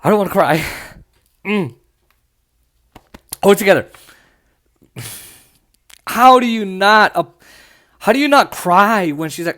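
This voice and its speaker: Impassioned high-voiced male podcast host. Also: animated, slow pace, long pauses, fairly bright tone. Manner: impassioned, blunt, mocking asides. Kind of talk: solo podcast commentary.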